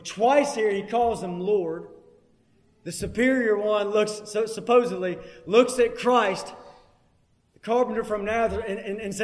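A man preaching a sermon, emphatic and repeating key phrases for weight. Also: high-pitched. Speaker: pastor. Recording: long hall reverb.

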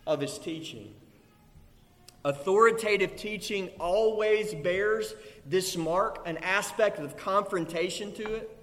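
A man preaching a sermon, emphatic, building to loud declarations. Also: sits high. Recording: long hall reverb.

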